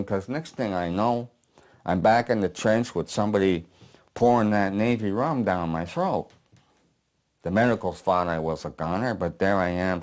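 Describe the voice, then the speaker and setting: A man reading as a gruff, haunted old veteran. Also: low voice, a little mellow. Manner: coarse, blunt storytelling with swearing. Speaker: playwright reading his play aloud. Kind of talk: dramatic monologue reading. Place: apartment living room.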